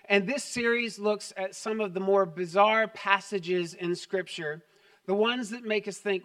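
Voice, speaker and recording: A man's voice: sits high, a bit bright, recorded from a distance. A man preaching a sermon to his church, upbeat and conversational, mixing jokes with scripture. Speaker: pastor. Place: church sanctuary.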